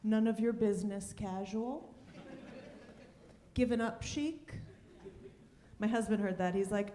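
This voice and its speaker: A woman comedian works a club crowd with a lively, bouncing delivery, her pitch leaping up and down. Her punchlines come dry and sardonic. The stage mic picks up plenty of the club's roomy echo. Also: a little slow, pauses often, slight background noise. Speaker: stand-up comedian. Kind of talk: stand-up comedy set.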